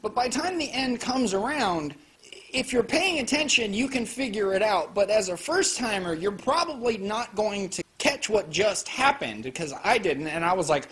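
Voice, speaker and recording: Lively, profane young-sounding male reviewer. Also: sits high, normal speed. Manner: animated, swearing, joking asides. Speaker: anime reviewer. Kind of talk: casual profane video review.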